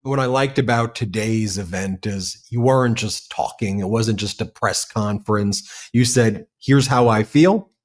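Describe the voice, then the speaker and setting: A man's voice: on the low side, measured pace, hardly any pauses. Man interviewing with eager questions. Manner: animated, piles up questions. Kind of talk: political interview.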